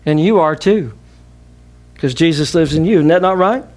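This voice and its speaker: Southern US pastor, middle-aged man, slightly high voice, emphatic preaching with call-and-response. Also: moderate pace, darkish tone. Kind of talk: sermon.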